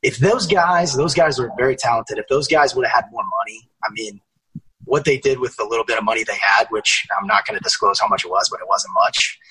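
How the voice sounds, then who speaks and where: A young actor guesting on a podcast chats casually and energetically, swearing and using lots of fillers. His medium-pitched voice is brisk, bright and forceful with a breathy edge, on a rough recording.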